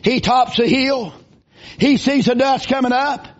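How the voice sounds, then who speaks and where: Preacher guy, super high voice, folksy then yelling, muffled lo-fi church recording. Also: measured pace. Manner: folksy, rising into shouted bursts. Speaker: visiting preacher. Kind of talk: revival sermon. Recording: dull lo-fi recording.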